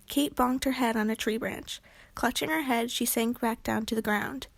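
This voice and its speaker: A woman narrating a children's book aloud in a clear, expressive storytelling voice. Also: fairly high pitch, normal speed, no room sound.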